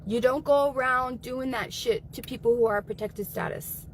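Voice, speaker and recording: A woman's voice: sits high, moderate pace, a little hiss or hum, poor audio. Angry, cursing woman venting. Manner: angry, profane, emphatic. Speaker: guest. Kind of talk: heated livestream talk.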